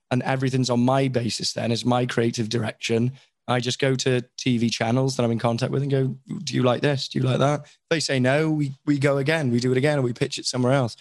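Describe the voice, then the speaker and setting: A man's voice: mid-range voice, little pitch movement, fast, no room sound. A Welsh man, a voice actor, talking frankly and at length as an interview guest, often criticising himself. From Wales. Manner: frank, rambling and self-critical. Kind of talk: candid conversational chat.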